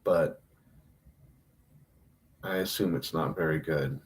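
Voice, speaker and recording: This livestreamer has a very deep voice with a faint hiss or hum behind it. He pours out an emotional, self-blaming confession that wanders, stalls, restarts, and is full of swearing.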